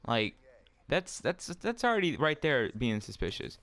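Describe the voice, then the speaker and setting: A man's voice: on the high side, very animated, measured pace, fairly bright tone, clean tone. A young man casually telling a rambling story, full of fillers and swearing, while playing a game at home. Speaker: storyteller vlogger.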